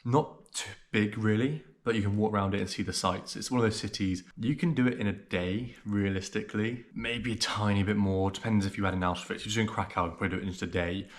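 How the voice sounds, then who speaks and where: A man's voice: lowish voice, steady tone, fast talker, few pauses. A young man talking casually to camera as a travel vlogger, rambling as he walks around a city. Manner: rambling, chatty, loose filler-heavy talk. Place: outdoors walking a city.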